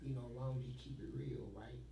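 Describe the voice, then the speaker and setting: A man's voice: medium pitch, steady tone, fast talker, gravelly, warm tone, roomy sound, far from the mic, a little hiss or hum, low-quality recording. A man telling blunt, profane stories from prison life in a streetwise way, recorded in an interview.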